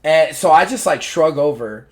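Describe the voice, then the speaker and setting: A man hosting a podcast, telling a story in a casual, animated way, swearing and acting out the dialogue. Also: on the high side, normal speed. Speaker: podcast host.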